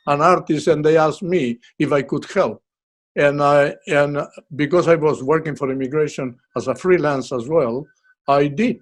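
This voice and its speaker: A man talks as a guest in a relaxed podcast interview. He speaks haltingly and often stops to search for words, with frequent fillers and restarts. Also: fairly high pitch. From Uruguay. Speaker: guest artist. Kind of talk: casual interview.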